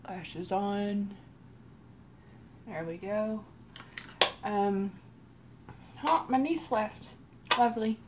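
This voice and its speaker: A woman with a Texas accent telling a personal story in a slow, rambling way while doing her makeup on a live stream. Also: medium pitch, noisy background. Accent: Texan. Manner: slow rambling delivery with many pauses. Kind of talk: casual storytelling during a makeup routine.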